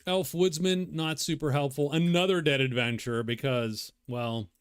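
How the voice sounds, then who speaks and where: A man's voice: on the high side, moderate pace, clear, resonant tone, dry recording, studio quality. Man muttering through a solo board game. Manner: thinking aloud, rambling, self-muttering. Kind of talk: casual solo playthrough commentary.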